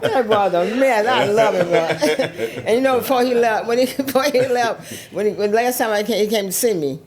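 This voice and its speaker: A woman, an interview guest telling stories of her life, animated, acting out voices and laughing often. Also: fairly high pitch, moderate pace. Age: 70s. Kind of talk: storytelling chat.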